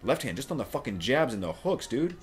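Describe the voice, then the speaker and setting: A young man from Florida, hosting a live fight watch-along, talking in an excitable, rambling way full of swearing. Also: medium pitch, fairly quick. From Florida, USA. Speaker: livestream host.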